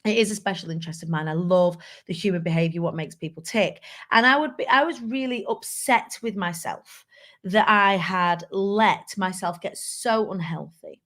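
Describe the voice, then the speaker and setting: A woman's voice: on the low side, moderate pace, a bit bright. A woman hosting a live show, talking candidly and chattily to viewers and reading out their comments. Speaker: live show host and speaker. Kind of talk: casual live-stream talk.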